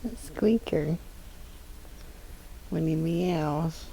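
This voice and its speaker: Slow, gravelly low-voiced woman. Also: low-quality recording. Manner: slow, soft baby talk to her cat. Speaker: streamer. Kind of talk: casual chat with her cat while gaming. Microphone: desk microphone.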